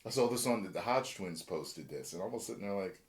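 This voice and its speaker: Animated, chatty male reaction host. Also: sits low, a little fast. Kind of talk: casual reaction commentary.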